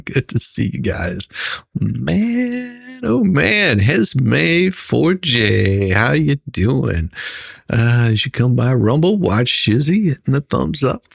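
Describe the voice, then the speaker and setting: A man's voice: medium pitch, big pitch swings, slow, creaky, husky, no echo, studio quality. A man hosting a casual livestream, chatting and greeting viewers by name, laughing often. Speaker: livestream host. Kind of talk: casual live-stream chat.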